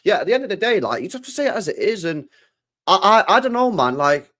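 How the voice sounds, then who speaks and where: A man's voice: sits high, very animated, quick pace, a bit bright. A man hosting a casual football fan livestream, blunt and chatty with casual swearing. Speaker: host of a football fan show.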